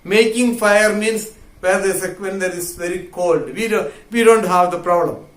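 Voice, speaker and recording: A man lecturing as a literature teacher, explaining each word of a play slowly and repeating phrases, with the quoted lines read louder. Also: high-pitched. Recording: echoey room.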